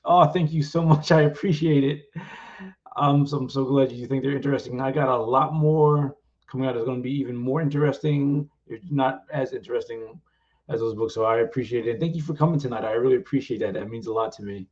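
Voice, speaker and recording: A man retelling the story of his book in a casual, rambling way, with many fillers. The voice sits at an ordinary middle pitch. The sound is dull and lo-fi, like stream audio. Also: fast, a little mellow. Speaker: author. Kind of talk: live stream book talk.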